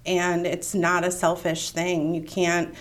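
A woman co-hosting a podcast who explains leadership ideas in a calm, steady way. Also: on the low side, slow. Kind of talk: casual chat.

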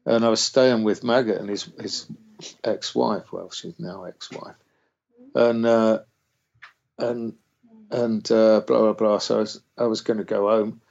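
Male musician, casual storyteller, raspy fry-edged voice, dull recording, swears often. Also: on the low side, steady tone, a little slow, darkish tone. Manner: rambling, swears freely, acts out quotes. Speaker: musician guest. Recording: dull lo-fi sound.

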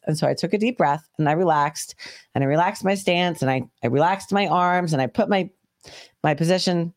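A woman co-hosting a podcast, telling a story in casual chat, animated and swearing freely. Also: lowish voice, brisk. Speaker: podcast co-host.

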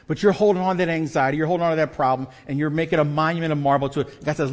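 A man preaching a sermon as pastor, emphatic and dynamic, shifting between loud stresses and quiet asides with self-deprecating humor. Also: on the high side, brisk, long pauses. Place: church sanctuary. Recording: long church reverb.

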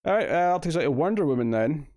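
A man's voice: on the high side, lively intonation, racing, darkish tone, dry recording. Scottish man, casual podcast chat, blunt opinions, dry close sound. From Scotland. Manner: blunt, opinionated, with frequent fillers. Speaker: podcast co-host. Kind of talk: casual comic review chat.

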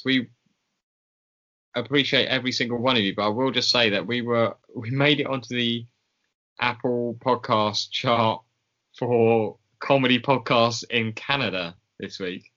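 A man's voice: medium pitch, pushed and bright. Rambling male podcast host. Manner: rambling, with many fillers. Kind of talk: casual chat. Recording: slightly dull podcast audio.

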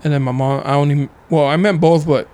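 A young man in casual chat, joking and swearing, slipping into quick impressions of friends. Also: on the high side, fairly even intonation, a little mellow, slight background noise. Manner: joking, swears freely, mimics others in quick asides.

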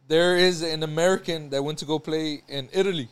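A man's voice: fairly high pitch, steady tone, fairly quick, smooth. A man co-hosting a casual podcast chat, telling stories full of swearing and laughter. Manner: profane storytelling, laughs often. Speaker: podcast co-host.

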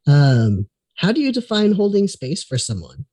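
A man hosts a casual interview in a husky, slightly breathy voice. His pitch moves around a lot as he asks questions and answers with short agreement. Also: wildly swooping pitch, normal speed, dark tone. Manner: brief agreeing replies. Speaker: podcast host, interviewer.

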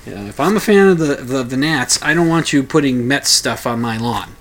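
A man's voice: mid-range voice, animated, a little fast, fairly bright tone. A man talking casually at home, telling a story in a rambling, hesitant way with many restarts. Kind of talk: casual spoken commentary.

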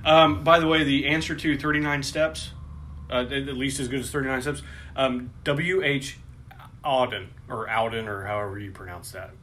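Podcast co-host, male, bright forceful voice, halting delivery with many restarts, faint hiss behind. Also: mid-range voice. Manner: hesitant, many restarts, laughs often. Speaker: podcast co-host reading quiz questions. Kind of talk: casual chat.

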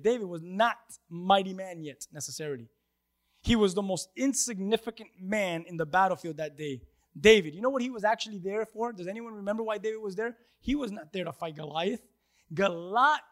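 High-voiced man preaching a dynamic sermon. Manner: dynamic preaching, swinging from loud to hushed. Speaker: pastor.

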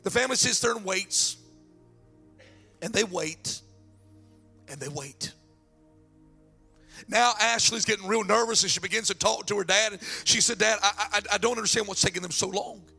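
A man preaching a sermon and telling a story, excitable and repeating words as he builds up, his throat strained. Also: sits high, fast talker, creaky, few pauses, soft background music. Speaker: pastor.

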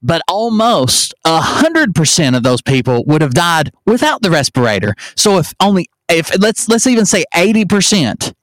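A man's voice: on the high side, sing-song, normal speed, few pauses, fairly bright tone, no echo. A man in his thirties hosting a live podcast, talking in a profane, sarcastic, ranting way. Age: 30s. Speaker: podcast host. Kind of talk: live-stream podcast chat.

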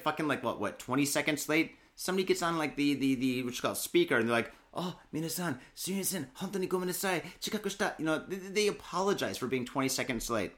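A man's voice: medium pitch, a bit bright. A young man from Michigan, chatting casually as a podcast co-host, rambling and swearing constantly. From Michigan, USA. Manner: profane, rambling, heavy cursing and filler.

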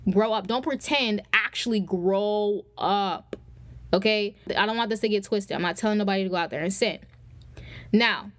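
A young woman talks her listeners through a faith lesson in a relaxed, conversational preaching style, often calling them "y'all." Her voice sits a little high. The recording is close and dry, with no room sound. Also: no echo. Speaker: podcast host. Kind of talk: faith-based teaching talk.

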